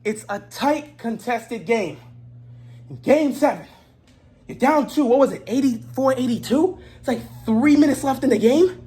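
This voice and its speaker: Woman ranting in an animated, high voice. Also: moderate pace, breathy edge. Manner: exasperated, repeatedly shouting in disbelief. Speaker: sports commentator. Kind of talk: heated sports rant.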